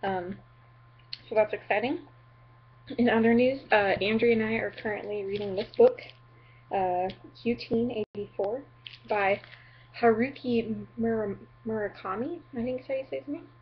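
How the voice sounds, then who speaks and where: Young midwest gal rambling on her webcam vlog, kinda husky breathy voice, goofy and sorry about everything, muffled lo-fi sound. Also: a little high, steady tone, moderate pace. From Upper Midwest of the US. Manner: chatty and goofy, apologetic, lots of "um" and "like". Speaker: vlogger.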